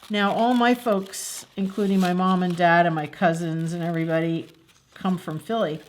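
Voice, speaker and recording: Slow, chatty woman leading a kids' craft. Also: lowish voice, a little hiss or hum. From New Jersey. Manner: chatty, asks children questions. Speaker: children's story time host. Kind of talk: craft demonstration for children.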